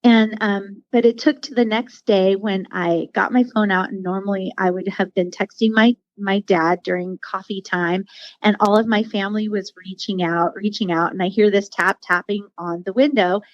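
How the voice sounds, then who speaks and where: A woman's voice: mid-range voice, steady tone, moderate pace, no room sound, highs cut off. A woman guest on a podcast, telling a personal story in a heartfelt, rambling way, with many fillers and restarts. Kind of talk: casual storytelling interview.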